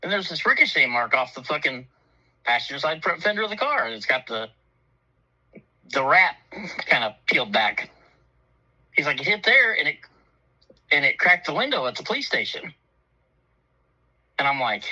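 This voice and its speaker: A man's voice: a little high, sing-song, normal speed, long pauses, pushed and bright, poor audio. A man telling a profane, funny story in casual chat, laughing often and acting out the voices of people in it. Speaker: storyteller on a talk show.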